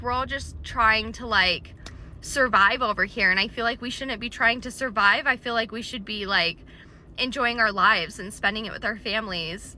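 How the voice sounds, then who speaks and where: A woman's voice: on the high side, pushed and bright. A woman who is a working parent, ranting in a frustrated, swearing, filler-heavy way while recording on her phone in her car. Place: car in traffic. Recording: traffic noise behind.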